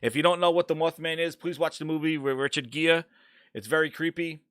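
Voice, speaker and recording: A man hosting a casual gaming podcast, ranting loudly and swearing as he talks through the news. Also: fairly high pitch, brisk, clean tone, no room sound, studio quality. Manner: ranting, profane, animated. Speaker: podcast host.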